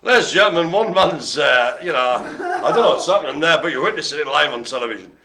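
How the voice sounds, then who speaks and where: Jokey man calling bingo live, bright voice with lots of pitch swing, playful asides. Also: animated, quick pace. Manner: joking, wordplay, playful asides. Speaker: bingo host.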